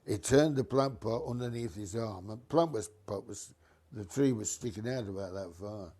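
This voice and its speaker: An older man, a former bus driver, telling a lively, mischievous anecdote in casual dialect. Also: fairly low pitch, moderate pace, slightly rough.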